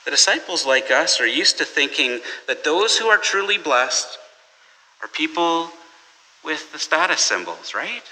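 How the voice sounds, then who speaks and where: A man's voice: on the high side, big pitch swings, measured pace, pushed and bright. A man preaching a sermon in a conversational storytelling way, with restarts. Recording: long hall reverb.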